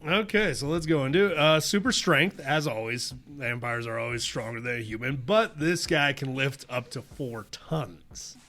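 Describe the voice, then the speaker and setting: A man co-hosting a casual podcast, animated and laughing often as he reads his notes aloud. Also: mid-range voice, moderate pace, hardly any pauses. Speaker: podcast co-host. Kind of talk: casual chat.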